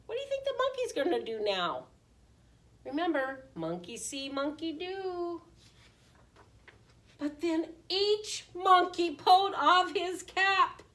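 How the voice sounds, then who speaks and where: A woman preschool teacher reading a picture book aloud in an animated way, often asking the children questions. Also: very high-pitched. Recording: voice distant from the mic.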